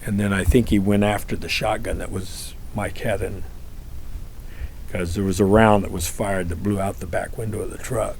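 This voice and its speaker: An older man, a police detective, giving a halting first-person account in a documentary interview. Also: on the low side, fairly even intonation, vocal fry, a little hiss or hum. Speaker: police detective recounting a shootout.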